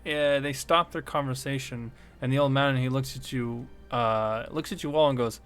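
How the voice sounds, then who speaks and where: A man running a tabletop game as game master, describing scenes in a halting way with many fillers. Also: medium pitch, steady tone, fairly bright tone, smooth, no echo.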